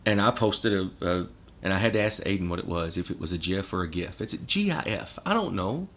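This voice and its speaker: A man spins stories as a podcast guest in a sarcastic, profane rant. His pitch leaps around expressively. His tone is bright and forceful, and laughter keeps breaking into his telling. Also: animated, fairly quick, slight background noise. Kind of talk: casual podcast storytelling.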